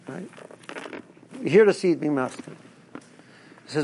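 A man's voice: on the high side, lively intonation, brisk, gravelly, long pauses, dark tone, slight background noise. A man, a rabbi, giving a rambling Torah talk to his listeners with stories and asides. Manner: rambling, restarts, storytelling asides.

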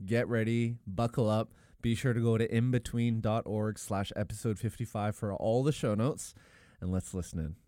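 A man co-hosting a podcast, talking in a playful, animated way. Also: lowish voice, normal speed. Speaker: podcast co-host. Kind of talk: casual podcast chat.

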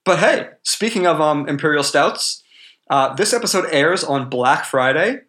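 A man's voice: fairly high pitch, expressive, unhurried, a bit bright. A man hosting a casual podcast chat, rambling with many ums and likes. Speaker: podcast host.

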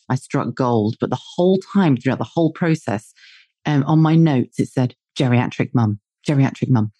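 A woman's voice: a bass voice, mellow, dry recording. A woman in her forties from the UK, a podcast host chatting casually in a blunt, sweary way and laughing often. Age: 40s. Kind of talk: casual chat.

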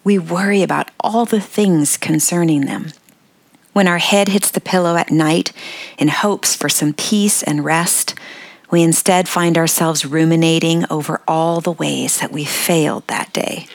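An older woman hosting a devotional podcast, speaking earnestly and encouragingly, dropping to soft breathy tones on key words. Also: deep voice, unhurried, no room sound. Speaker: podcast host.

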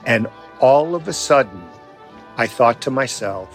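Gravelly-voiced man, earnest storyteller, faint music bed. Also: mid-range voice, lively intonation, measured pace. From Connecticut, United States. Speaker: author interviewed as guest. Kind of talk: reflective interview.

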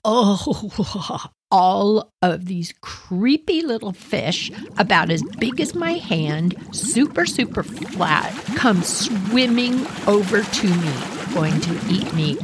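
Animated woman telling a childhood story. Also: on the high side, very noisy. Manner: animated, dramatic retelling with asides to listeners. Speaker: podcast host. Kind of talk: personal storytelling.

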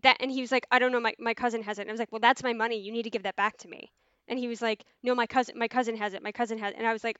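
A woman telling a story in casual podcast talk, animated, swearing freely and using lots of fillers. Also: a little high, very fast, smooth, no room sound. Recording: dull, dry sound.

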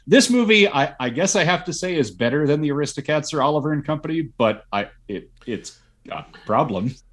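A man's voice: fairly high pitch, animated, a little fast, fairly bright tone. Opinionated male podcast guest. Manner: opinionated, chatty. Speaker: guest film expert. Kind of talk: casual chat.

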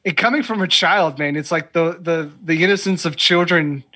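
A man's voice: on the high side, normal speed, sharp tone, slightly rough. A man chatting casually as a podcast co-host about films, reflective and earnest. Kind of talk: casual film discussion.

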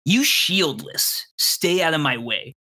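A boastful bully boy student who blusters and warns people off, as a man voices him. The voice is bright and forceful, and it sits a touch high. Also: sing-song, takes it slowly, heavily acted. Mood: blustering. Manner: blustering, defensive.

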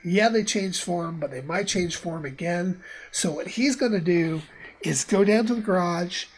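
A woman's voice: lowish voice, a little slow, breathy edge. A woman player casually explaining her character's plans in a tabletop role-playing game.

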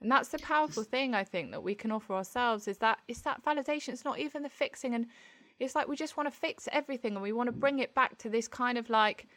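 A woman's voice: a little high, fast, a bit bright. A woman co-hosting a casual chat, speaking candidly and reflectively, often restarting her sentences.

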